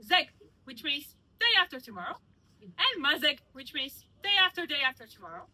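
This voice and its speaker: A woman's voice: high voice, big pitch swings, normal speed, sharp tone, low-quality recording. A woman from Georgia, a native Georgian speaker, guiding a walking tour outdoors and explaining her language in a playful, teasing way with many examples. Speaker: tour guide. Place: outdoors in old city streets.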